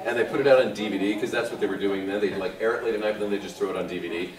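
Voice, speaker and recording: A man's voice: lowish voice, fairly even intonation, racing. Middle-aged guy rambling thru a funny story on a con panel, keeps chuckling, echoey hall, mic kinda far off. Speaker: guest voice actor on a convention panel. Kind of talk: casual anecdote told to an audience. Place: convention panel room. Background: audience murmur and laughter.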